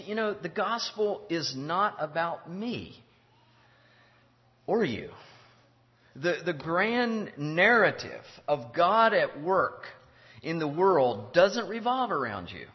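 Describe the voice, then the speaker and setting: A man preaching a sermon in an earnest, deliberate way, repeating his key phrases. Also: on the high side. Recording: dull lo-fi sound in a reverberant hall.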